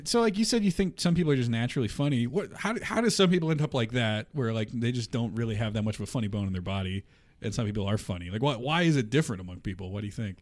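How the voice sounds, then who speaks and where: A man's voice: medium pitch, animated. A man hosting a podcast who asks long, probing questions in a casual way, full of "like" and "you know". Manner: quick, probing, full of fillers. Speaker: podcast host. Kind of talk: interview questions.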